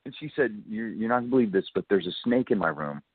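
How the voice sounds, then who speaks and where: A chatty man calls in to a radio show and spins a long story, acting out every line of dialogue and breaking into laughter. His voice sits fairly low and sounds dry and tinny, as if squeezed through a phone line. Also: quick pace, husky, no room sound. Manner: chatty, animated storyteller who acts out quotes and laughs often. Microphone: telephone.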